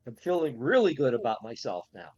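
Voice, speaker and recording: A man playing a tabletop game, describing his character's actions step by step with halting restarts. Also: medium pitch, sing-song, darkish tone, dry recording, faint music behind. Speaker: player. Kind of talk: casual tabletop play.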